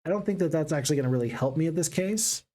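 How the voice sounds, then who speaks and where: A man streaming a strategy game, chatting excitedly to his viewers. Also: fairly high pitch, racing. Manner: excitable, chatty, talks to chat. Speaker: gaming streamer. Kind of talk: live game commentary.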